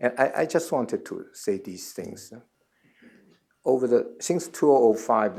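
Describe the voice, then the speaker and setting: A man in his seventies answering questions as a guest at a forum, earnest and halting, often repeating words before he finds the next phrase. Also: on the low side, dark tone, breathy edge. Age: 70s. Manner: earnest, measured explanation. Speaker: guest speaker.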